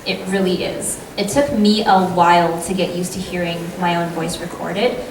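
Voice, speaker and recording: A woman's voice: lowish voice, level tone, moderate pace. Chatty woman panelist in an echoey hall. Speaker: voice actor panelist. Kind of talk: convention panel Q&A. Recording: echoey hall, distant mic, noisy crowd.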